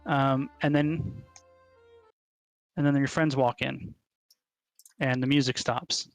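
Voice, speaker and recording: A man's voice: mid-range voice, steady tone, slow, no echo, faint music behind. Casual man running a tabletop game. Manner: casual, many ums and uhs. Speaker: game master.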